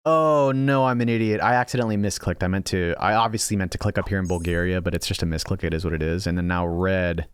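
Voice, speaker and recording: Low-voiced man thinking aloud over a game. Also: fairly even intonation, fast talker, few pauses, smooth. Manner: thinks aloud, self-mocking, frequent restarts. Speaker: gaming channel host. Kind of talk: casual strategy game commentary.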